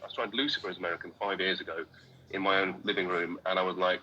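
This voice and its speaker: Bright-voiced British man, laughing often. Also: deep voice, level tone, fast talker, lo-fi sound, a little hiss or hum. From Britain. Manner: self-deprecating, laughs often. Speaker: actor guest. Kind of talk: casual interview chat.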